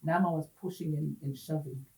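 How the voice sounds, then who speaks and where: A woman, an interview guest giving personal testimony in an earnest, halting way and mixing in Xhosa words. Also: low voice, fairly even intonation, vocal fry, dark tone. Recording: roomy echo, distant mic.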